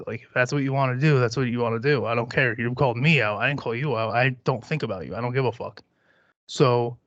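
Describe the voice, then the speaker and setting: A man's voice: medium pitch, quick pace, a bit bright, no echo, lo-fi sound. A man in his thirties hosting a podcast, talking bluntly and dismissively with plenty of swearing. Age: 30s. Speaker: podcast host. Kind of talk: casual chat.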